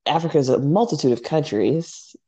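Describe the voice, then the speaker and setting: A woman's voice: sits low, fairly quick, husky, lo-fi sound. A woman from New York City, co-hosting a podcast, telling stories in a blunt, exasperated way. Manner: animated storyteller, blunt and exasperated. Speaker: podcast co-host. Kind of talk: casual chat.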